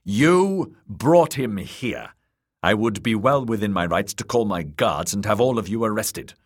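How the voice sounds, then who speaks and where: A man voicing a smooth, scheming male lord protector who speaks in a cold, measured, commanding way. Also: fairly low pitch, pitched above the performer's own voice, lightly acted. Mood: cold, angry. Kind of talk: audiobook character voice.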